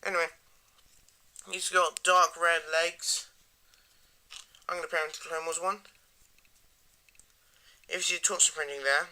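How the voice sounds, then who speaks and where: Guy, toy reviewer, higher voice, very bright tone, rambly and eager. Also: little pitch movement, a little slow, long pauses. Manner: rambling, enthusiastic, trails off into mumbles.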